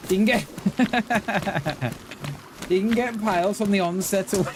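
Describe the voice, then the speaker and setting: A man's voice: high-pitched, fairly even intonation, fast. Chatty man streaming, noisy mic. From Wales. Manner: chatty, laughs a lot, thanks viewers, jokey asides. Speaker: game streamer. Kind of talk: casual live-stream chat.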